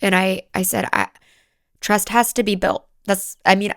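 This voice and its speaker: A woman hosting a solo podcast, speaking in a raw, emotional, halting way and sometimes dropping into whispers. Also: mid-range voice, steady tone, dry recording, studio quality. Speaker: podcast host.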